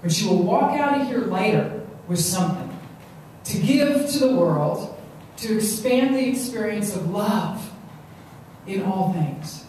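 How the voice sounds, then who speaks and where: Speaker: New woman, mellow, animated, live talk, miked from afar in a very echoey hall. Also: mid-range voice, measured pace. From Long Island, New York. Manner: animated, repeats words, acts out quotes. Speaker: stress management speaker. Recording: echoey hall, distant mic, faint noise.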